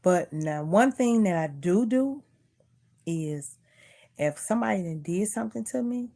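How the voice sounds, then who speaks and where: A woman's voice: lowish voice, lively intonation, unhurried, mellow. A middle-aged woman vlogger in casual chat, earnestly preaching life advice and repeating herself.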